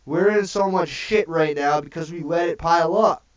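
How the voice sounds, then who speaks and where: A man's voice: a little high, moderate pace, a crowd in the background. A man giving a preachy, profane livestream rant, repeating "okay?" after each point. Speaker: livestream host. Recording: dull distant mic.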